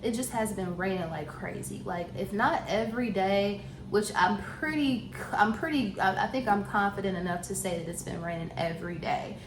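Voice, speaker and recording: A woman's voice: medium pitch, normal speed, few pauses. Chatty woman vlogging, echoey room. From Southern US. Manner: chatty and laughing, with many restarts and asides. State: a little out of breath. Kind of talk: casual chat to camera. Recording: echoey room with faint noise.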